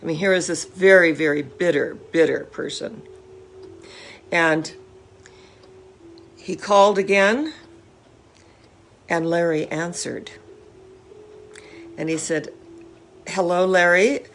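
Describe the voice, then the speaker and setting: A woman minister telling a story in a sermon, animated and often asking her listeners to imagine it. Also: low-pitched, slow pace, long pauses, a little hiss or hum.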